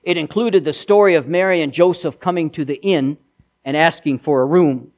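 Pastor, male, higher voice, preaching with emphatic repeated refrains. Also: moderate pace, darkish tone. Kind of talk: sermon.

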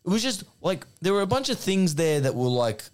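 A man's voice: high voice, sing-song, brisk. A young Australian man chatting casually on a podcast, rambling and swearing freely. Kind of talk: casual chat.

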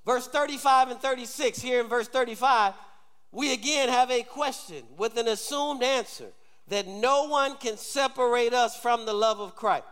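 A male pastor delivers a sermon in a high-pitched voice, pressing the congregation to respond aloud. His voice rings through a church with a long, lingering reverb. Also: normal speed, fairly bright tone. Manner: call-and-response preaching, urging the congregation. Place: church sanctuary.

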